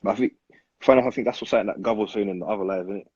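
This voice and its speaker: A young man talks quickly in a low, gravelly, raspy voice. He cuts in with quick, laid-back remarks. The sound is dry and dull, like a lo-fi recording. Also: a little mellow, dry recording. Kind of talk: casual chat.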